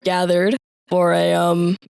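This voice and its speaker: A woman's voice: fairly low pitch, monotone, takes it slowly, creaky, darkish tone, clear, resonant tone, no room sound. Chatty teen girl, dry sound. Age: teens. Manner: chatty, giggly, lots of fillers. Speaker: high school theater student guest. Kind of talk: casual interview chat.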